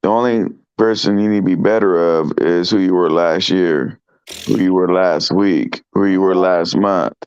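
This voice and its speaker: A man who is sick and hoarse, talking in an emphatic, slangy way as a guest on a trucker livestream. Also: deep voice, moderate pace, a little mellow, highs cut off. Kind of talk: casual livestream chat.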